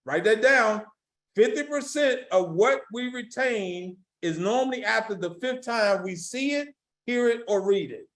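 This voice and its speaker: A man's voice: sits high, expressive, measured pace, a bit bright. A man coaching sales agents in a motivational training talk, emphatic and folksy, repeating his key lines and speaking straight to the audience. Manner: casual, folksy phrasing. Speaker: insurance sales recruiting trainer.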